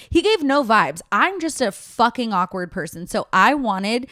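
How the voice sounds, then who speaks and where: A woman's voice: medium pitch, sing-song, normal speed, few pauses, a bit bright, no room sound, clean studio sound. A woman in her thirties hosting a podcast alone, chatting casually with lots of filler words and swearing, self-deprecating. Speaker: podcast host. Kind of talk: casual solo chat.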